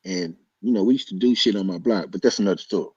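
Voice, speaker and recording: A man telling a story loudly and excitably, acting out voices and punches with sound effects. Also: on the low side, fast talker, husky, no room sound. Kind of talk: animated storytelling. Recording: dull lo-fi sound.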